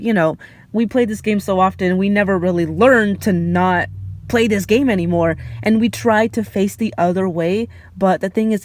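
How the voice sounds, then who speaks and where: A young woman vlogger telling childhood stories in a chatty, lively way, with laughs and fillers. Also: mid-range voice, dry recording. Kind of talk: casual storytelling.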